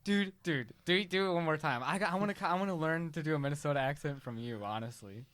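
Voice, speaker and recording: Young man, casual podcast chat, laid-back, laughs a lot, fairly high voice. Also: quick pace, a bit bright. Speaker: podcast co-host.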